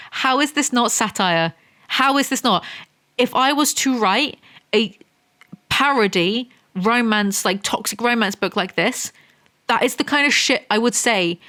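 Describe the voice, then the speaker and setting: A woman's voice: on the high side, fairly bright tone. A woman reviewing a romance novel in a comedic rant, reading passages aloud and mocking them with sarcastic asides. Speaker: book reviewer.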